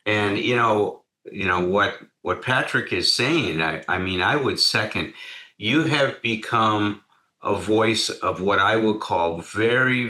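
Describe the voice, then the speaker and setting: A man's voice: lowish voice, bright, forceful tone, reverberant. A man co-hosting a podcast, talking in an effusive way that repeats its phrases. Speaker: podcast co-host, doctor. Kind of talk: casual podcast conversation.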